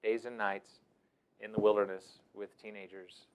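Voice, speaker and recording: Middle-aged guy telling wilderness stories, super animated, smooth clear voice, goes loud doing voices. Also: fairly low pitch, moderate pace, lo-fi sound. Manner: animated, breaking into loud shouted impressions. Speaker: wilderness mentor and teacher. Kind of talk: storytelling talk.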